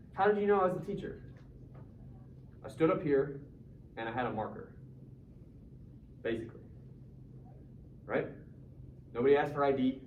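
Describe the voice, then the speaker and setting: A male teacher leading a casual, joking class discussion and quizzing his students. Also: a little high. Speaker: high school English teacher. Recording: roomy classroom from far off, dull, faint noise.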